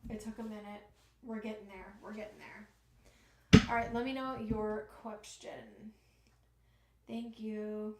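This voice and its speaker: A woman's voice: mid-range voice, level tone, unhurried, roomy sound, noisy background. A woman giving a live-stream tarot reading, chatty and emotional, talking to spirit and to her viewers. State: emotional, nearly crying. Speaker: tarot reader.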